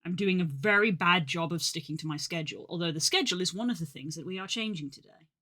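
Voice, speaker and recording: Bright, rambling live streamer. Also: mid-range voice, fast talker. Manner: rambling, filler-heavy, self-deprecating. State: slightly out of breath. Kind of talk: casual live-stream chat.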